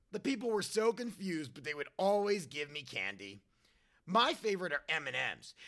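Podcast host reading a funny letter, super earnest and innocent, swoopy lively pitch. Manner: earnest, innocent childlike delivery. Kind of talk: scripted comedic reading.

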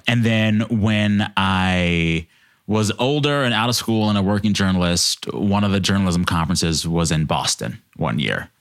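A man in his thirties, from Texas, telling animated stories in a casual podcast chat and jumping into high voices for the people he quotes. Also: a little slow, clear, resonant tone. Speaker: podcast guest.

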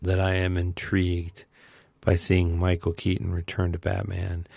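A man co-hosting a movie podcast, rambling and conversational, talking slowly. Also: low-pitched, monotone, creaky, darkish tone, breathy edge, no echo. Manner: talks slowly in a put-on accent. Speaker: podcast co-host. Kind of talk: casual movie chat.

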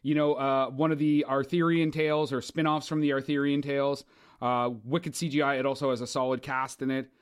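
A man co-hosting a casual podcast chat, animated and excitable, swearing freely as he talks. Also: medium pitch, a little fast, smooth. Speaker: podcast co-host.

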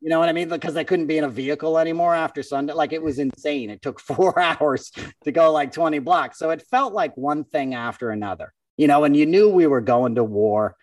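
A man's voice: on the high side, brisk, hardly any pauses, no room sound, distant mic. A man and comedian guest telling a story in casual conversation, acting out other people's voices as he goes. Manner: animated, acts out other people's voices in stories. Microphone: podcast microphone.

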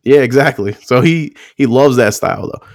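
A man's voice: mid-range voice, moderate pace, no echo, studio quality. A man on a podcast telling stories in casual chat, swearing and laughing often. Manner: loose, profane, laughs often, acts out quotes.

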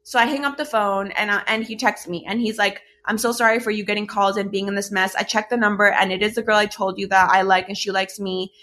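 A woman's voice: mid-range voice, quick pace, hardly any pauses, slight background noise. Young woman venting a story to friends, tons of "like", swears a lot, casual chat. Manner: animated, swearing, many "like" fillers. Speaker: storyteller recounting a breakup.

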